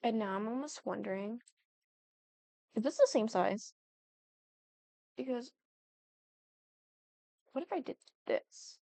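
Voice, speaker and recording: Chatty young woman with gravelly fry. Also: fairly high pitch, expressive, slow, long pauses, dark tone, dry recording. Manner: chatty, apologetic, thinking aloud. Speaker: Sims building YouTuber. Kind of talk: casual gameplay commentary.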